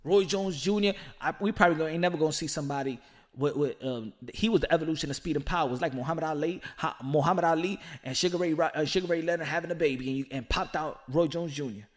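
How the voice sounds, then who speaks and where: Guy ranting about boxing, kinda high voice, slangy, repeats himself when he gets hyped. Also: fast. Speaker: boxing commentary host. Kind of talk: casual opinion commentary.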